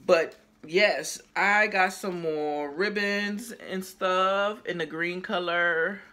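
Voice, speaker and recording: A woman chatting casually to her viewers in a haul video, lively and exclamatory, talking straight to the camera and sometimes while chewing. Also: lowish voice, slow, slight background noise. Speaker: haul vlogger. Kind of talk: casual haul vlog chat.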